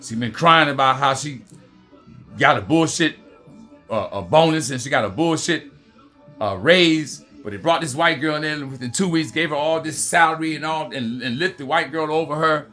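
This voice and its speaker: An American man hosts a heated political commentary rant over soft background music, cursing often and repeating "you know what I mean." His voice is fairly high, bright and forceful, at normal speed.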